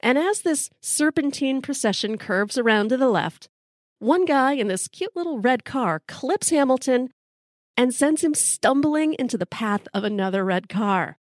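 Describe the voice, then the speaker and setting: A woman's voice: high-pitched, animated, measured pace, no room sound, clean studio sound. Wry woman telling a story. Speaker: podcast host.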